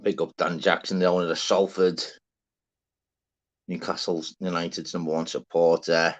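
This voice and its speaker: A man hosting a live stream, giving rambling, swear-filled shout-outs to listeners in a casual chat. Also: low-pitched, flat delivery, moderate pace. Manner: chatty, swears freely, rambling. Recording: dull lo-fi sound.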